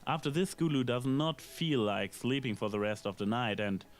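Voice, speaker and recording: A man reading a scripted episode review in a measured, analytical way, with dry asides. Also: mid-range voice, lively intonation. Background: faint background music.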